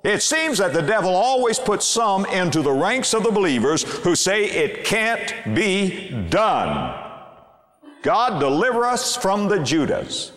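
A man preaches in a fairly high, lively voice that climbs and drops with feeling. He draws out scripture readings slowly and with emphasis. The sound is roomy, with a long hall reverb and faint music. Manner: impassioned preaching, slows to read scripture aloud. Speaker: pastor. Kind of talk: sermon. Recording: echoey hall with soft music.

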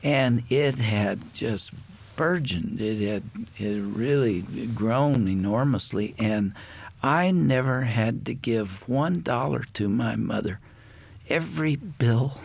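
An older man, a guest on a talk show, telling a personal family story in a reflective way with many pauses. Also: medium pitch, creaky, a little mellow.

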